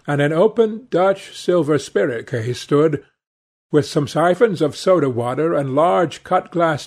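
A man reading a classic novel aloud in measured, even scripted narration. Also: medium pitch. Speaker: audiobook narrator.

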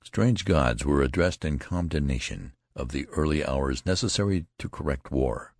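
A man reading a novel aloud in a measured, deliberate way, as scripted narration. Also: very deep voice, animated, dry recording, clean studio sound. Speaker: audiobook reader.

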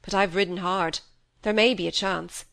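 A woman's voice: fairly low pitch, steady tone, normal speed, vocal fry, a bit bright. A woman reading a plain-spoken country groom. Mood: worried. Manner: plain, rustic country speech. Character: rustic male groom, plain-spoken and worried.

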